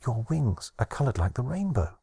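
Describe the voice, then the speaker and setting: A man's voice: mid-range voice, sing-song, normal speed, creaky, dark tone, breathy edge, dry recording, clean studio sound, exaggerated voice. A man voicing Pandora, a curious young girl who is tearful and pleading in an audiobook. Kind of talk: audiobook narration.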